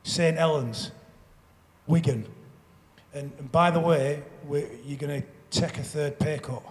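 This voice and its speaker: A man's voice: fairly high pitch, steady tone, measured pace. A man speaking as a panel guest in a live stage conversation, rambling and restarting often, repeating his words. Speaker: panel guest, former rugby league player. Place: festival stage in a hall. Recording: long hall reverb.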